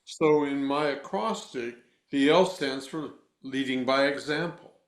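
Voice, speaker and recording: Man, voice coach, deliberate instructive delivery, middle pitch, echoey room. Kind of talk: guiding a vocal exercise, then interview answers.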